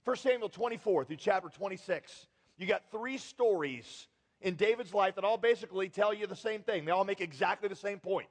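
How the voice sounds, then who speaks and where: High-voiced pastor preaching in a hall. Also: male voice, a little fast. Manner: conversational, asks the audience questions, frequent fillers. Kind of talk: sermon. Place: large church hall with multiple campuses. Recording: long reverb of a large hall.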